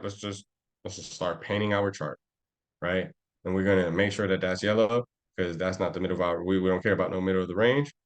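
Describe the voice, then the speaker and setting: A young man teaching a live trading class with street slang, brash and boastful, swearing freely. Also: on the low side. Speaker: trading instructor.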